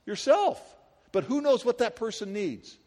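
A middle-aged male pastor preaching a sermon in a lively, conversational way, firing rhetorical questions at a congregation. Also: very high voice, unhurried, long reverb tail.

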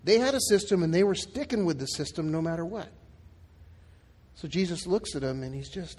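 A man's voice: a little high, animated, fairly quick, darkish tone, slightly rough, long reverb tail. A male pastor preaching a sermon in a casual, conversational way, acting out the quoted lines. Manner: conversational, acts out quotes in dialogue.

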